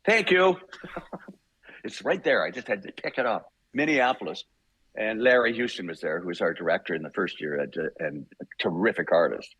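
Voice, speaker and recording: An older man from Canada, a voice actor guest, telling animated anecdotes in a casual interview, acting out voices and laughing often. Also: sits low, fairly quick, slightly rough, no echo.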